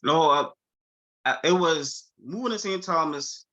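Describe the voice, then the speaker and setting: A man from Charleston with a Gullah Geechee-tinged accent, telling stories on a video call. His voice is bright and sits a bit high for a man, and he laughs easily through his anecdotes. The audio is dull and muffled. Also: measured pace. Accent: Gullah Geechee-influenced Charleston. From Charleston, South Carolina. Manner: animated, laughs often, mimics friends in quotes. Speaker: chef, guest. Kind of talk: casual conversational storytelling.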